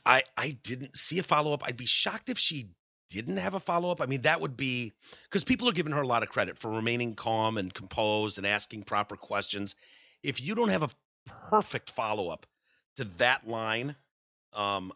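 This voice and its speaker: A man's voice: medium pitch, sing-song, normal speed, gravelly, pushed and bright, dry recording, highs cut off. A man with a Michigan accent co-hosting a podcast in casual banter, joking and acting out quotes. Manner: chatty, joking, acts out quotes. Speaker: podcast co-host.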